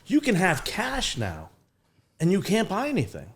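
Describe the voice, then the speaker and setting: A man co-hosting a podcast, chiming in with quick prompts and asides in casual chat. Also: sits high, huge pitch swings, a bit bright. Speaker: podcast producer and co-host.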